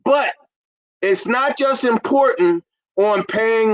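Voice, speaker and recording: A man in his fifties, a business consultant, talking emphatically to an audience he calls ladies and gentlemen. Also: very high-pitched, takes it slowly, poor audio. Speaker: carpet cleaning business consultant. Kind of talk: promotional business talk.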